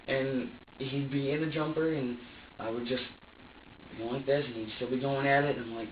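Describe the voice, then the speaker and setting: A man's voice: medium pitch, steady tone, normal speed. Agitated profane man in echoey interview room. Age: 20s. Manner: agitated, profane, rambling with many restarts. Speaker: suspect being interviewed. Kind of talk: police interrogation statement. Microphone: room camera from a distance. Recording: roomy, distant, dull lo-fi with faint noise.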